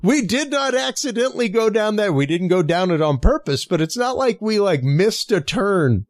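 A man's voice: high-pitched, moderate pace, no room sound. A man chatting casually, telling stories animatedly and laughing often. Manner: animated storyteller, laughs often, says like a lot. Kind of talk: casual chat.

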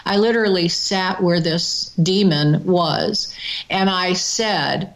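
A woman telling a personal story in casual spoken style, earnest, with dramatic pauses and quoted exclamations. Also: on the low side, low-quality recording.

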